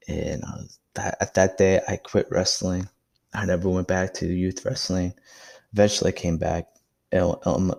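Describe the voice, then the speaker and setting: A man's voice: sits low, vocal fry, darkish tone. A young man hosting his own podcast, telling a personal story in a casual, reflective and encouraging way. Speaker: podcast host. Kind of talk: casual solo podcast monologue.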